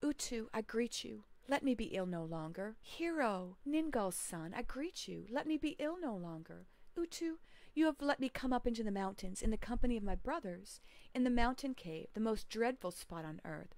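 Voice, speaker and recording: A woman's voice: fairly high pitch, animated, moderate pace, darkish tone, no room sound, voice pushed up. A woman reading as a pleading young hero. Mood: pleading prayer. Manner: pleading, solemn recitation. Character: young male hero praying, lost and sick.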